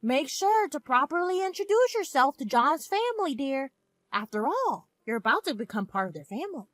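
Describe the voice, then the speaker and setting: A woman voicing a gentle, loving mother with an encouraging manner. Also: high voice, sing-song, normal speed, no echo, voice pushed up. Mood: affectionate. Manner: warm, encouraging.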